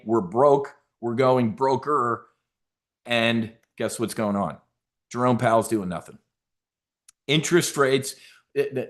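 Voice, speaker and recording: Middle-aged male host, brash folksy market commentary, average pitch, lots of fillers. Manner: brash, folksy, emphatic, with frequent fillers and restarts. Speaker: options trading educator hosting a market briefing.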